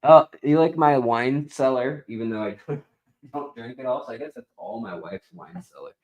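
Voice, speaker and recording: A man hosting a live stream in casual chat, rambling and slow, now and then talking baby talk to his cat. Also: medium pitch, darkish tone, highs cut off.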